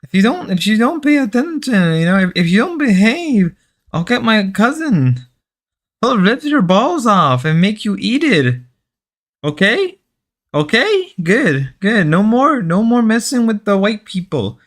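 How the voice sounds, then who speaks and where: A man's voice: high-pitched, big pitch swings, measured pace, fairly bright tone, exaggerated voice. A man voicing a threatening, bossy Mexican wife in a put-on Mexican Spanish accent, speaking broken English in a scolding, menacing way.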